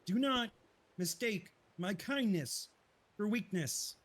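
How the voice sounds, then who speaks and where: A man voicing a menacing male outlaw in a live roleplay game, using a funny put-on voice and a slow, threatening drawl. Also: high-pitched, expressive, full character voice. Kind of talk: live roleplay stream voice chat.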